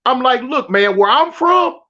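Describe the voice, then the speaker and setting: A man from South Central Los spins a prison story in slang, repeating himself and acting out each quote. His voice sits very high. The recording sounds dull and lo-fi. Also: lively intonation, a little slow, pushed and bright. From South Central Los Angeles. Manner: acts out quotes, repeats and restarts phrases, slangy. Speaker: guest telling a prison story. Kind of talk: animated storytelling.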